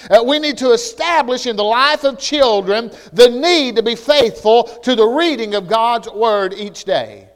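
A male pastor preaching a sermon with passion, sometimes rising to shouts and often restarting his words. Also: very high voice, a little slow, hardly any pauses. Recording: long hall reverb.

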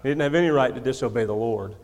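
At a racing pace, a man of medium pitch and slightly mellow tone preaches emphatically to his congregation. He repeats key lines and jokes at his own expense into a handheld or stand microphone, with the church sanctuary adding long hall reverb.

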